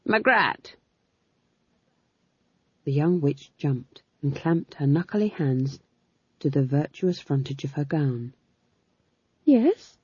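A woman narrating an audiobook in a measured, expressive way. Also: a bass voice, slightly rough, no echo. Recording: dull lo-fi dry recording.

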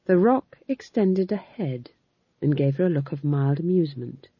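A woman narrating an audiobook in a measured, expressive way. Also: low-pitched, husky, no room sound. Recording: dull lo-fi dry recording.

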